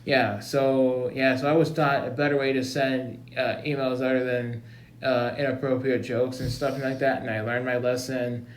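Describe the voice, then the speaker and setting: A man's voice: medium pitch, flat delivery, moderate pace, slight background noise. Hesitant young man hosting a chat. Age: young adult. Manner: hesitant, many fillers and restarts. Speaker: host. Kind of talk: casual comedy chat. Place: library room. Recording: echoey room.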